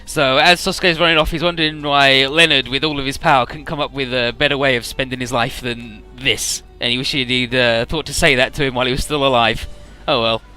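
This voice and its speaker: A man's voice: medium pitch, fairly even intonation, fairly quick, hardly any pauses, pushed and bright, clear, resonant tone, soft background music. A man casually retelling a game's story, quoting the characters in his own voice, laid-back and swearing freely. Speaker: let's player summarizing a game story.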